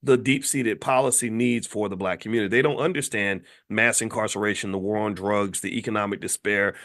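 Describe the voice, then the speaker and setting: A man hosting his own channel, giving a heated unscripted opinion monologue, repeating points and stumbling over words as he gets worked up. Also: lowish voice. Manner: emphatic, repetitive, rising and heated when animated. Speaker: channel host, finance commentator.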